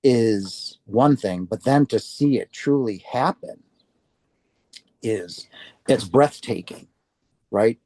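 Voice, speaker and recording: A man's voice: mid-range voice, slow pace, long pauses, warm tone. An older man from Wisconsin, telling his personal story as an interview guest in an earnest, heartfelt way. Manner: earnest, heartfelt, acts out quoted speech.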